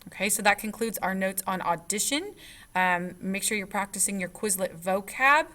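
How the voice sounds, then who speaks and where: A woman's voice: medium pitch, moderate pace, pushed and bright. A young woman teacher talking through recorded lecture slides in a conversational way, full of fillers and restarts.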